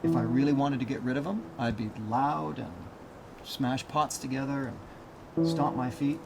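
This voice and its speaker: Male outdoor host, mid-pitched and steady, noisy outdoor recording. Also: moderate pace, vocal fry. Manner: calm, low-key, steady. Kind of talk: calm narration to camera. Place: outdoors by a fishing lodge.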